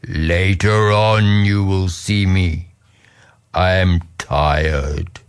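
A man's voice: fairly even intonation, smooth, full character voice. A man voicing a weary, unseen wind spirit. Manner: low, slow, drawn out.

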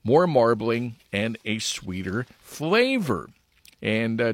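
A man's voice: mid-range voice, a bit bright, dry recording, clean studio sound. A male radio host reading news and the weather in an easygoing, chatty way with light jokes. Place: radio studio.

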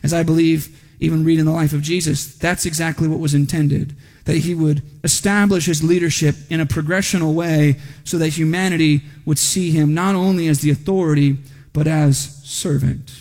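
A man's voice: fairly high pitch, steady tone, normal speed, a little mellow. A man preaching an expository sermon in a church service, speaking conversationally, often asking the congregation "right?", and rising animatedly when reading quoted speech. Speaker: pastor. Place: church sanctuary during a service. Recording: long hall reverb.

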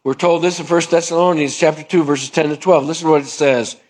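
A middle-aged man preaching a sermon with a voice pitched a little high. He is emphatic and acts out short quoted dialogues, swinging his pitch up and down. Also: steady tone, fast talker, few pauses, darkish tone. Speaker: pastor.

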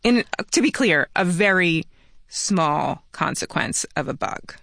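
A man speaking as an interview guest, telling a personal story in a relaxed conversational way, with quick asides. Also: a little high, vocal fry, no room sound, clean studio sound.

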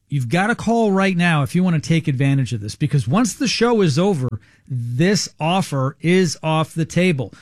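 A man hosting a radio talk show, pitching an offer with salesy urgency and slowing down to repeat the important numbers. His voice sits a little high, and the studio sound is dry and close. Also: no room sound.

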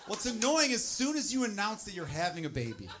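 A man's voice: high voice, big pitch swings, a little fast, background noise. A man doing a stand-up comedy set in exasperated, punchy rants.

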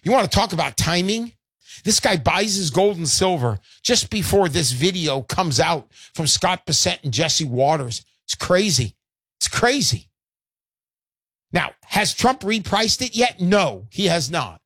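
A man's voice: high voice, lively intonation, a little slow, a bit bright, no echo. A man hosting a call-in radio show, talking in a brash, salesy, joking way.

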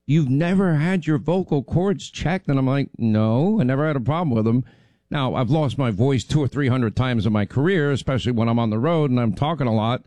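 A man's voice: medium pitch, darkish tone, dry recording. Guy radio host rambling on, getting over laryngitis, dry close sound. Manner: rambling, chatty, many fillers. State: recovering from laryngitis. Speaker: radio talk show host. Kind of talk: casual talk radio chat.

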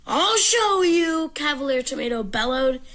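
A young reader voicing a storybook scene aloud, read from a little distance off the mic. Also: female voice, a little high, normal speed, a bit bright, pitched above the performer's own voice, lightly acted. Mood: animated. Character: nine-year-old boy reading a storybook aloud.

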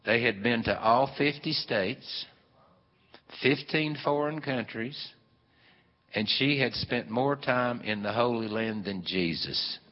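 A man spins a folksy tale, drawling and animated as he acts out each voice. His voice sits in the middle range and rings with long hall reverb. The recording is dull and lo-fi. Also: mid-range voice, slow pace. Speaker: storyteller. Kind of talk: folksy spoken storytelling.

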